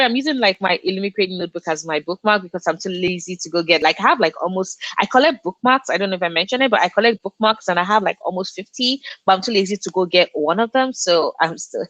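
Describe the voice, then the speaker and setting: A woman's voice: mid-range voice, a bit bright, no echo, poor audio. Effusive young woman on a livestream. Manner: effusive, reads out chat and gushes, frequent laughs. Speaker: booktube livestream host. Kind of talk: casual livestream chat.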